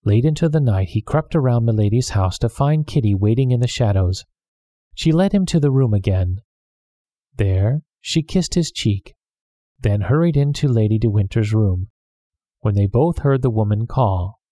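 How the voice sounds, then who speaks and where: Calm male storybook narrator. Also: medium pitch, normal speed, dry recording, clean studio sound. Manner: calm, steady reading.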